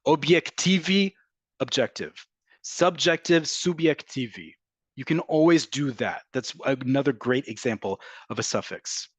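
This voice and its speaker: A man's voice: medium pitch, expressive, moderate pace, husky, no echo. A man teaching a live online Hebrew class, emphatic and repetitive, drilling pronunciations and addressing viewers as folks. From from an American family.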